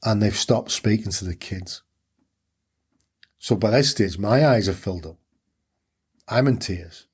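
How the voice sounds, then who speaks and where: A man's voice: lowish voice, unhurried, long pauses, a little mellow, breathy edge. A middle-aged man, telling his story candidly and earnestly as an interview guest, repeating phrases for emphasis.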